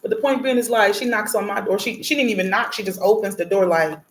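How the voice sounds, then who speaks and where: A woman hosting a spiritual reading and prayer message speaks fast at medium pitch, barely pausing. She talks to viewers casually and bluntly, swearing, laughing and rambling, and gets animated when she rants.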